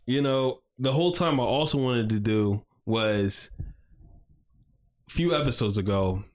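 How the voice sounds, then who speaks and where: A man's voice: medium pitch, unhurried. A man co-hosting a podcast in casual chat, talking in a loose, rambling way full of fillers. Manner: loose and rambling, lots of fillers, laid-back. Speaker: podcast co-host.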